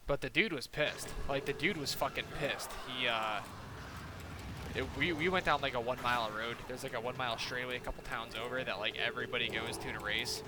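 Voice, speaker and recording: A man's voice: medium pitch, fairly quick. A young man in his twenties telling a rambling, profane story in casual chat while gaming, full of fillers. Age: 20s. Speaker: gaming streamer. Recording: noisy background.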